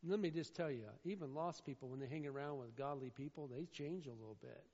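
A man preaching a sermon, swinging between loud, emphatic declaiming and quieter asides. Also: fairly high pitch, fast. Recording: dull sound in a reverberant hall.

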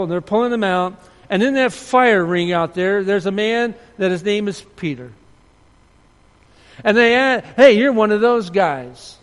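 A pastor delivers a sermon with earnest feeling, his voice pitched a little higher than most. He moves between loud storytelling and soft, low appeals, and a long reverb from a large hall trails his words.

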